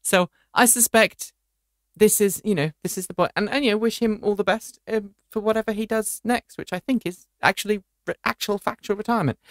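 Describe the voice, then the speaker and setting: A woman's voice: medium pitch, no echo, clean studio sound. A woman hosting a casual podcast chat, chatty and restarting her phrases often. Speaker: show host.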